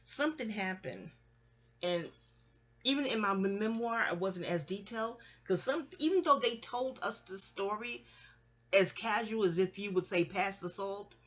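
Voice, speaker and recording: A woman's voice: medium pitch, moderate pace. A woman in her forties telling family stories in a rambling, candid way, trailing off and restarting. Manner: rambling, trails off and restarts, mimics people in quotes. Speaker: storyteller.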